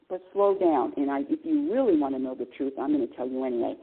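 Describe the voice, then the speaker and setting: Lively 60s lady radio host rambling through a story, husky voice, sounds like it's coming through a phone. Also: a bass voice, fast talker, few pauses. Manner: animated storytelling with laughs and exclamations. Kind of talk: casual spiritual talk radio monologue. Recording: tinny phone-line sound.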